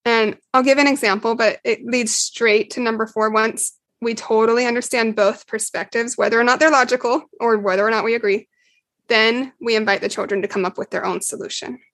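A woman, a mother, calmly explaining parenting steps in a podcast interview. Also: fairly high pitch, brisk, no room sound. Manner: calm, explanatory, acts out quotes with laughs. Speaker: parenting guest.

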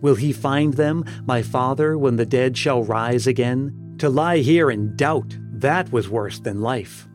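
A man's voice: mid-range voice, a little slow, few pauses, close to an everyday voice. A man voicing the anguished ghost of a young mother in a gothic story, pleading as she speaks. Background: music.

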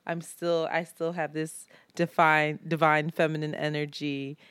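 A woman in her thirties co-hosting a casual podcast, telling animated stories, acting out friends' lines and laughing often. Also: low voice, unhurried, clear, resonant tone, no echo. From Philadelphia. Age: 30s. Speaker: podcast co-host. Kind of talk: casual chat.

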